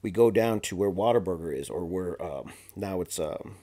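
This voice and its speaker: A man with a somewhat low voice talks casually as a podcast guest. He tells his story in an animated, slangy way, with lots of fillers and restarts. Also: moderate pace. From Arizona.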